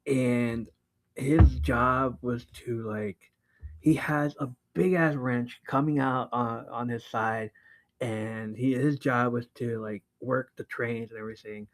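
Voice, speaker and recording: A man hosting a podcast, casually recapping a book, excitable and laughing often, swearing freely. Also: medium pitch, takes it slowly, rough recording. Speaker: podcast host.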